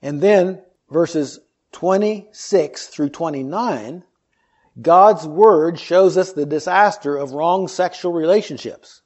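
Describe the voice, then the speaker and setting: A man's voice: fairly high pitch, takes it slowly, a little mellow. A man preaching an earnest sermon, reading scripture and explaining it with rhetorical questions.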